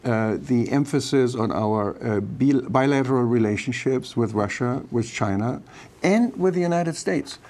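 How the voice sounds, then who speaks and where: A man's voice: mid-range voice, animated, measured pace, darkish tone. A man from Germany, a foreign policy expert, answering interview questions in a hesitant way with many fillers and restarts.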